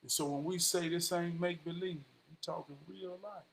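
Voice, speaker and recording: A high-pitched Southern man talking slowly and deliberately. He gives motivational shout-outs like a sermon, repeating his lines, dropping to soft murmurs and then rising into loud bursts. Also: creaky, a little hiss or hum, rough recording. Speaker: motivational vlogger.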